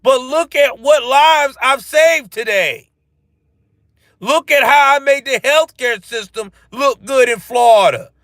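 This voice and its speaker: A man's voice: very high-pitched, slow pace, a bit bright, no echo, pitched above the performer's own voice, full character voice. A man doing a smug bragging governor. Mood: smug mocking. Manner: smug, mocking, swaggering. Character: boastful male governor bragging about his record.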